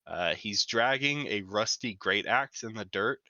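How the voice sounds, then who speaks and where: Slow, halting male game master. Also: lowish voice, bright, forceful tone, no echo, dull audio. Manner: halting, with many fillers. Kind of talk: narrating a tabletop game.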